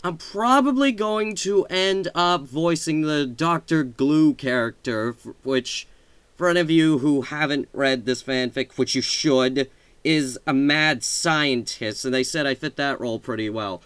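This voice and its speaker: A man chatting in a casual update vlog at his home desk mic, his voice bright and crisp and fairly high. He talks unhurriedly, rambling and correcting himself, then gushes with excitement. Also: a little slow, no room sound. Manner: excitable, rambling, with gushing outbursts and self-corrections. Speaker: video channel host. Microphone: desk microphone.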